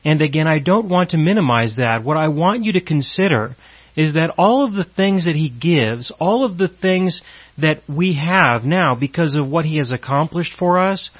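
A man's voice: on the high side, expressive, normal speed, no room sound. A man preaching a sermon in an earnest way, full of repeated rhetorical questions and emphatic lines. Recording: dry, dull lo-fi recording.

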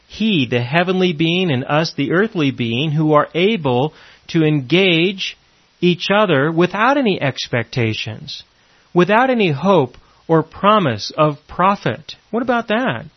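A man delivers a sermon with earnest emphasis, asking question after question and repeating his key lines. His voice sits a little high. The recording is dry and close, with a muffled, lo-fi tone. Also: dry recording. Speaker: preacher.

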